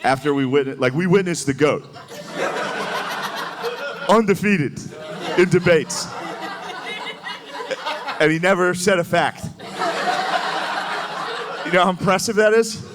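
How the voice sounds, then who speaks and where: A man doing a live stand-up set, talking loosely with lots of "like" and quick impressions. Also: high voice. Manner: loose, rambling delivery full of "like" and quick impressions. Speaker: stand-up comedian. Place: comedy club stage with laughing audience. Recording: live room with audible audience noise.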